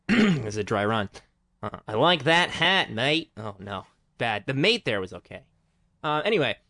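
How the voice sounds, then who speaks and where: Podcast co-host, man, low voice, rambling and self-deprecating, dry close mic. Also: a bit bright, no echo. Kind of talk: casual chat.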